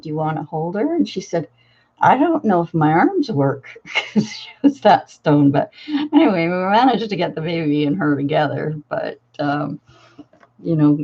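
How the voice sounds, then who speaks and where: A woman's voice: low-pitched, a little mellow, muffled recording. An older woman, a grandmother and crafting channel host, telling a family story in a casual, rambling way full of fillers and restarts.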